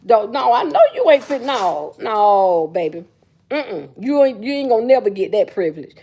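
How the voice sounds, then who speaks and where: A woman's voice: fairly high pitch, animated, normal speed, mellow, breathy edge. A middle-aged woman hosting a casual livestream chat, telling stories in a blunt, sassy way full of slang. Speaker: livestream host.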